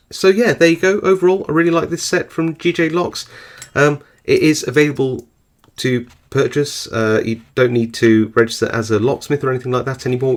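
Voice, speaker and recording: A man, hosting his own channel and giving a casual product review, easygoing and often pausing with ums and restarts. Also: medium pitch. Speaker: lock-picking channel host.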